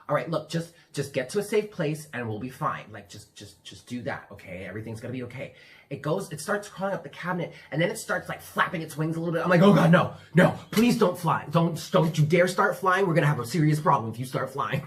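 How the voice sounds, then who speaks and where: A man, a tarot reader, casually telling his viewers a story from his room, animated and swearing freely while addressing them as "y'all". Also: on the high side. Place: his room with the door closed.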